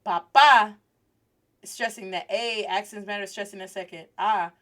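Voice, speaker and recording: A woman's voice: medium pitch, normal speed. A woman in her thirties hosting a podcast, telling a story as a Spanish lesson and mixing Spanish into her English. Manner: animated, switches between Spanish and English. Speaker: podcast host.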